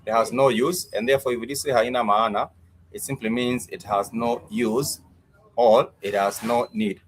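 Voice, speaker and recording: A man teaching Swahili words in a live-streamed lesson, slowly repeating each word and its meaning, with many fillers. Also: mid-range voice, steady tone, a little hiss or hum.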